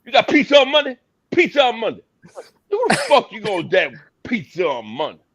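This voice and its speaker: A man doing a raging man at a gym counter who is swearing nonstop. His voice is bright and forceful, and it swings widely in pitch as he fires off slang-heavy complaints. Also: huge pitch swings, a little fast, slightly rough, exaggerated voice. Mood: angry. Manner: loud, profane, aggressive street slang. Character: angry man cursing at a gym front desk.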